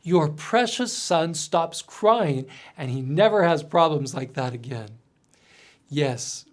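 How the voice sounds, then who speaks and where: An earnest man tells a story straight to the listener, voice pitched a little high. He reads from a script and sinks to a quiet hush at tender moments. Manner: earnest, gently dramatic storytelling with soft drops. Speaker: mission storyteller. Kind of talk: scripted second-person narration.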